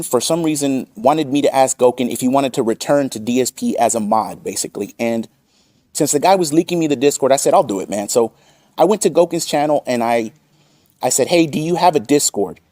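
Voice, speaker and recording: A man's voice: mid-range voice, dark tone, dry recording. A man hosting a commentary channel, combative and profane as he reads out and mocks chat messages. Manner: combative, swearing, reads chat quotes aloud.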